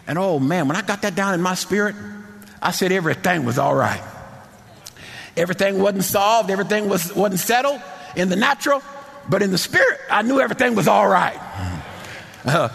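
A middle-aged man preaching a sermon in a church, impassioned, repeating phrases and shouting at the peaks. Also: sits high, animated, a little fast, vocal fry. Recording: long hall reverb.

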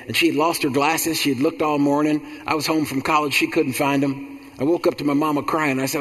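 A man's voice: a little high, fairly even intonation, fast, fairly bright tone, long reverb tail. A man preaching a sermon, emphatic and repetitive, with frequent stumbling restarts.

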